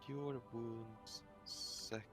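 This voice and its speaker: A man's voice: medium pitch, fairly even intonation, very slow, over music. A man from Sweden playing a tabletop role-playing game, asking hesitant rules questions in casual chat. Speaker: player.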